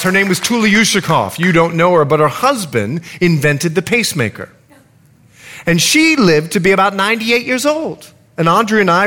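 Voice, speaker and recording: Bright-voiced, animated preaching man. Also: high-pitched. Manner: earnest storytelling, dropping to hushed tones on solemn points. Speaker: pastor. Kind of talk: sermon.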